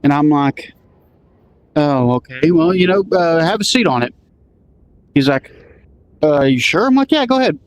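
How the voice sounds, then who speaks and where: A man with a fairly high, lively voice tells a road story at an unhurried pace, pausing often. He rambles and keeps restarting, acting out the dialogue he remembers in a casual way.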